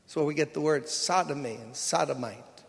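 A man with a high voice preaches in a casual storytelling manner, slipping into the voices of the people he describes. He is in a large church hall, and his voice rings with a long reverb. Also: normal speed, vocal fry, breathy edge. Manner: conversational storytelling, acts out dialogue. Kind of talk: sermon.

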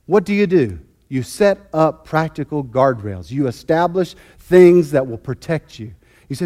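A man's voice: medium pitch, lively intonation, normal speed, a little mellow. A man preaching a sermon as pastor, fervent and emphatic, often repeating and restarting his phrases.

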